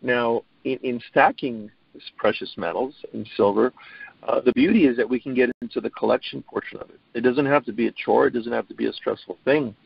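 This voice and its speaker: A middle-aged man with a gravelly, husky voice, speaking earnestly and often stumbling over his opening words. The sound is dry and dull, like lo-fi audio. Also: medium pitch, fairly quick, no echo. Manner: earnest, repeats words when starting sentences. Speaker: guest. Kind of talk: casual interview talk.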